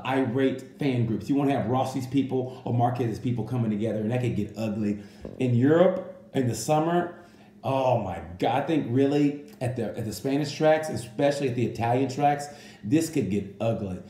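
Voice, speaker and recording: A man's voice: mid-range voice, echoey room. Rambling man in a comedy race review. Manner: animated, rambling, with restarts and asides. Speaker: comedian reviewing motorcycle races. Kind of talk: casual comedic monologue.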